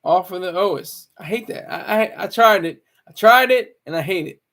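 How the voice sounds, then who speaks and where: A man's voice: high voice, expressive, moderate pace, creaky, fairly bright tone. A man talking casually on a live stream, rambling with many stammered restarts.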